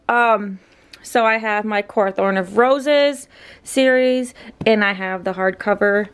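A young woman in her twenties, chatting casually for her vlog in an upbeat way with lots of fillers. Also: mid-range voice. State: out of breath. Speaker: vlogger. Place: in her car, then at home by a bookshelf.

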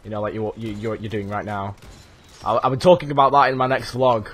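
A man's voice: fairly low pitch, little pitch movement, fairly quick. A young man swearing and muttering while commenting on his own gameplay. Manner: frustrated, swears constantly, mutters to himself. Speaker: gaming YouTuber. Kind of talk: casual let's play commentary.

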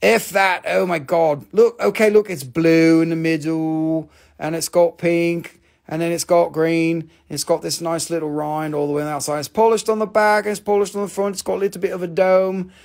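A man's voice: a little high, little pitch movement, normal speed, gravelly, darkish tone. A man hosting a live stream that sells rocks, joking, swearing and talking to himself. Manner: joking, profane, talks to himself. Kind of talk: live-stream sales chat.

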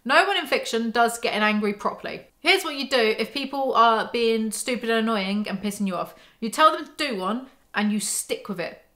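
Snarky woman, bright voice. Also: a little high, lively intonation, brisk, few pauses. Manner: sarcastic, mocking asides. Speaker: book commentary YouTuber. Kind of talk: casual snarky book recap.

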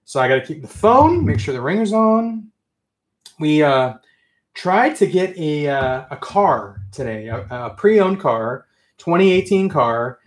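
Male livestream host, excitable and ranty, high lively voice. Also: a little slow. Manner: excitable, ranting, says friggin' often. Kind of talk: casual livestream chat.

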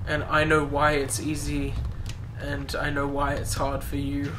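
A man's voice: fairly high pitch, completely flat delivery, measured pace, background noise. A man co-hosting a let's play, teasing his friend in casual gaming banter. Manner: teasing, playful, sings snatches of songs.

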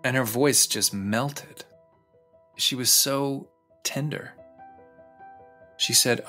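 A man hosting a podcast, narrating a personal story in an intimate, confessional way and slowing down on key phrases. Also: mid-range voice, sharp tone, faint music behind. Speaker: podcast host. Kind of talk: personal narration over music.

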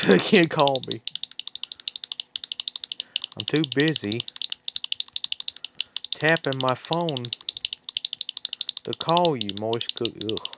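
A woman with a remarkably low, deep voice chats through her gameplay in a loose, profane ramble that keeps breaking into laughter. A heavy wash of background noise sits under her words, with mouse clicks and typing. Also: lively intonation, very slow, pauses often. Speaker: gaming channel host. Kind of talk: casual gameplay commentary.

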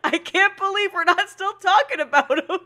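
A young woman reacts to anime on stream, giggling until she cries, swearing freely, and making fun of herself in casual commentary. Her voice is very high-pitched, bright, and forceful, at a moderate pace.

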